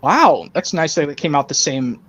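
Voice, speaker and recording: A man hosting a casual online stream chat, talking haltingly with frequent restarts over a voice call. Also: fairly high pitch, animated, crowd noise, poor audio. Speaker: stream host.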